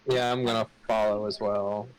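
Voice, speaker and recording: A man's voice: on the low side, little pitch movement, moderate pace, clear, resonant tone, poor audio. A man playing in a tabletop game, musing hesitantly with dry humor. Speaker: player. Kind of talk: casual game banter.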